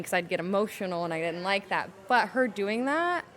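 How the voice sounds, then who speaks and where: A young adult woman, a podcast guest telling her personal story candidly and emotionally, slowing down to hold back tears. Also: lowish voice, lively intonation, fairly bright tone. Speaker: podcast guest, salon owner.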